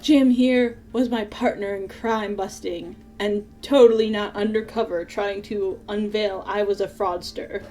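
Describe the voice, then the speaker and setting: A woman voicing a theatrical male prosecutor villain in a video game, loudly faking grief and outrage. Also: medium pitch, fairly even intonation, a little slow, few pauses, soft background music, close to an everyday voice. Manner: melodramatic, overblown outrage.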